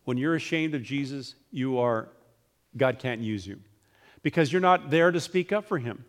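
A man preaching a sermon, reading scripture aloud and acting out the people in it with lively shifts of voice. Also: mid-range voice, moderate pace. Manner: animated, acts out voices in scripture retelling.

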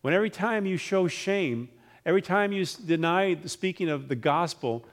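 A man preaching a sermon, reading scripture aloud and acting out the people in it with lively shifts of voice. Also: sits high, moderate pace. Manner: animated, acts out voices in scripture retelling.

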